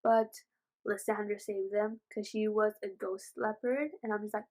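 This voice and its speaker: A woman retelling a novel's plot in a casual book review vlog, gushing and excitable, with rambling asides and many fillers. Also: medium pitch, normal speed, rough recording. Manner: gushing, excitable, says "oh my gosh" often.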